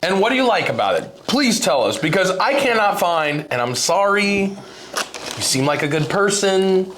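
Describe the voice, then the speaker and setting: A man with a lively, swooping voice that sits a bit high, ranting and joking his way through a casual snack tasting. His complaints are loud and exaggerated. A faint hiss of noise sits under the recording. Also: normal speed. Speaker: channel host tasting snacks.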